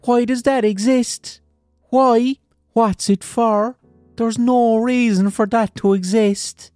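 A man putting on an exasperated young lad from Cork, with a Cork accent pitched well up and set back a little from the mic. He rants in baffled questions. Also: fairly even intonation, slow, dark tone, no room sound, soft background music.

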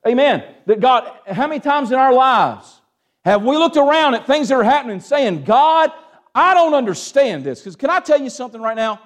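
Pastor, male, high voice, sermon delivery with call-and-response, shifts between hushed and raised. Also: lively intonation, fairly quick. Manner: Southern-tinged preaching with call-and-response "amen?", swings from hushed to raised.

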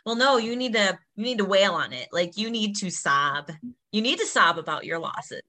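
Candid woman podcast host with a bright, forceful tone and emphatic repetition. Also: mid-range voice, expressive, normal speed. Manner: candid, emphatic, repeats phrases for stress. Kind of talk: casual conversation.

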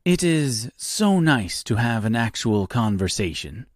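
A man's voice: medium pitch, big pitch swings, a little slow, no room sound, studio quality. A man voicing a boastful, lonely male storyteller who plays host with grand, theatrical airs, for an audiobook reading.

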